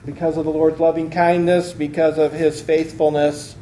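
A man teaching a Bible lesson with a mellow, warm voice, explaining each point step by step. His earnest lecture rings through an echoey room. A faint hum of ambience sits underneath. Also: fairly high pitch, flat delivery, moderate pace. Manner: earnest, explains step by step and reads scripture aloud.

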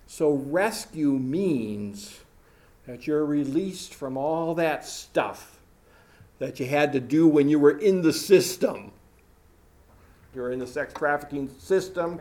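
A man preaching a sermon in a slightly higher voice. He drives each point home by repeating it. He talks straight to the congregation. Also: darkish tone. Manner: repetitive, emphatic.

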